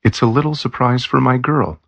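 A man voicing a stubborn young cop who reassures his partner in a calm, teasing way. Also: mid-range voice, moderate pace, creaky, no room sound, voice pushed up.

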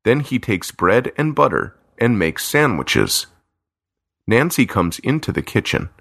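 Low-voiced guy reading an easy story out loud, lots of rise and fall. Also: very animated. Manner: clear, simple, deliberate storytelling. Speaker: narrator. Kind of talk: slow graded-reader story narration.

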